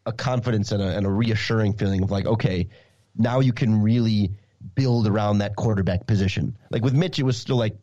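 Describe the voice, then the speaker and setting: A man's voice: on the low side, brisk, dark tone, no room sound, lo-fi sound. A man guest on a podcast, chatting about football, talkative and repeating words as he thinks. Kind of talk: casual sports chat.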